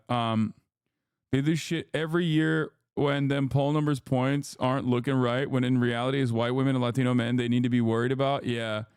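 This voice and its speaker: In a clear, resonant mid-range voice, this streamer host rambles animatedly through a casual rant, cursing a lot. The audio is clean studio sound without any room sound.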